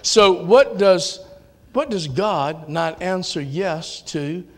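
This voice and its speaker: A man with a Southern US accent preaching a sermon in a church, folksy, dropping to low asides and rising to shouted calls. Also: slow. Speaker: pastor. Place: church sanctuary.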